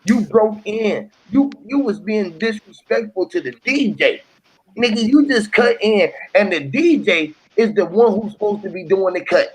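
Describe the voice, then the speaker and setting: A man's voice: high-pitched, expressive, normal speed, husky, rough recording. A man talking casually on a podcast, telling a story and acting out scenes with sound effects. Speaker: podcast host.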